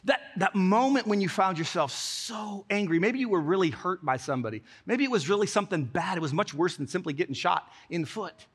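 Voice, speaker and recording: A middle-aged male pastor from Alaska telling a story in a sermon, animated and acting out his quotes. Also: sits high, brisk, few pauses, breathy edge. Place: church.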